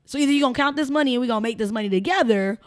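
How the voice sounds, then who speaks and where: A woman with a Chicago accent chats as a podcast guest, with a fairly high-pitched voice. She is animated and emphatic as she tells her stories. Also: very fast. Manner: animated, emphatic storyteller who slips into mimicked voices. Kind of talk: casual interview chat.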